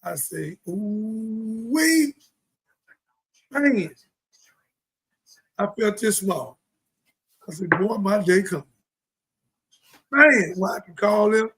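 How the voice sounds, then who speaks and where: A middle-aged man hosting a live show, delivering a preachy, impassioned monologue full of scripture and rhetorical questions, swinging from loud outbursts to low mutters. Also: a little slow, long pauses, husky, low-quality recording. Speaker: host of a live talk show.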